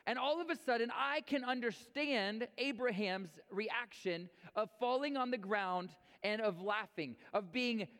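Pastor guy preaching, high-pitched, repeats himself when fired up, echoey church hall. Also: measured pace, few pauses. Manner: reads scripture, then preaches with energetic repeats. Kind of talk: sermon. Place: church sanctuary.

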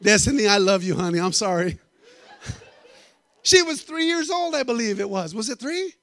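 High-voiced preacher telling stories. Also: male voice, moderate pace, no room sound. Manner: animated, joking with the congregation. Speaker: guest preacher. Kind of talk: storytelling sermon.

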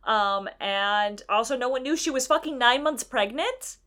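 A woman with a fairly high voice co-hosts a podcast. She retells a story in a chatty, casual way. She swears now and then. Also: lively intonation, moderate pace, pushed and bright. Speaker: podcast co-host. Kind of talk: casual chat recapping a video game.

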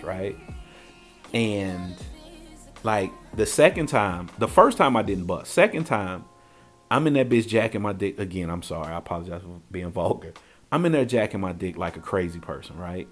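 Animated man telling a crude story. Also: on the low side. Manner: animated, profane, acts out quotes. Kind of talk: casual comedic storytelling.

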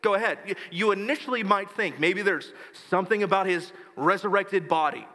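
A male pastor preaching a sermon, retelling scripture scenes in a hushed storytelling voice. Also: high-pitched, moderate pace. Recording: long hall reverb.

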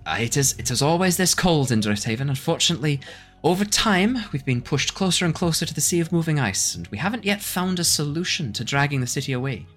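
A man voicing a tall, cheerful female half-orc sailor who talks in a brisk, folksy way. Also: on the high side, lively intonation, fairly bright tone, soft background music, pitched above the performer's own voice. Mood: welcoming.

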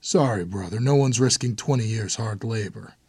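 A grim, blunt hardened brother speaks in a low, husky voice, as an audiobook narrator puts him on. He talks with quiet urgency. The sound is dry and close. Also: normal speed, dry recording.

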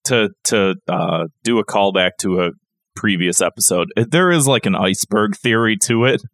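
A man co-hosting a podcast, animated and halting, with many restarts. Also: lowish voice, no echo, studio quality. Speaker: podcast co-host. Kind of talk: casual podcast chat.

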